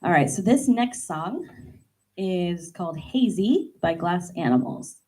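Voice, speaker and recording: A woman's voice: lowish voice, expressive, measured pace, a little mellow, poor audio. A woman singer-pianist and piano teacher chatting casually between songs at a live performance, self-deprecating and laughing at herself, speaking into a stage microphone. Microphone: stage microphone while at the piano.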